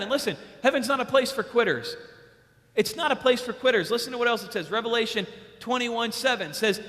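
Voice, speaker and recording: A young male preacher with a high, bright voice delivers an emphatic sermon. He repeats his main points and acts out stories with bursts of loud excitement. His voice rings through a big hall with a long reverb. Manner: emphatic, repeats key lines. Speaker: youth preacher.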